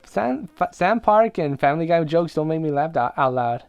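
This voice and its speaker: A man's voice: fairly high pitch, lively intonation, moderate pace, vocal fry, clear, resonant tone, no echo, dull audio. A man co-hosting a casual film review podcast, goofy and self-deprecating, joking along with his co-host. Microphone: close podcast mic.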